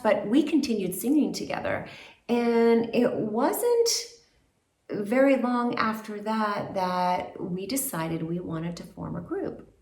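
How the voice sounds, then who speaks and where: A woman telling her career story in a casual, animated way with chatty fillers. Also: mid-range voice. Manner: animated, acts out quoted voices, chatty fillers. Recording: roomy echo.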